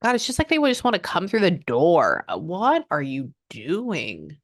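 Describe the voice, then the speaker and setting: A woman's voice: lowish voice, wildly swooping pitch, normal speed, no room sound, studio quality. A woman from Texas with a Texan accent, a psychic medium chatting to a client about how channeling works, rambling with many fillers and sometimes dropping to a whisper. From Houston, Texas.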